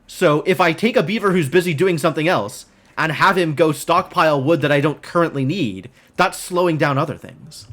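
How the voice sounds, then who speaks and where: A man's voice: a little high, normal speed, few pauses, a bit bright. A man streaming a game live, thinking aloud in casual, rambling commentary full of "like" and puzzled questions to himself.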